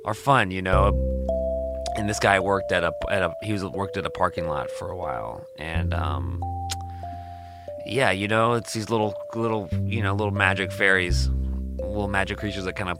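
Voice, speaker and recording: A young man from Mississippi with a very low voice tells rambling stories in a laid-back way. He says "dude" all the time and laughs between lines. Music plays clearly underneath. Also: normal speed. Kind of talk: casual storytelling chat.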